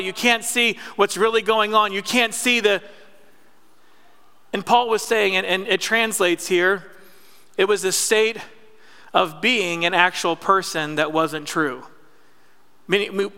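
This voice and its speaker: Man, pastor, conversational sermon, bright crisp voice, long church reverb. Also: sits high. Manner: conversational preaching with audience call-and-response. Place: church sanctuary.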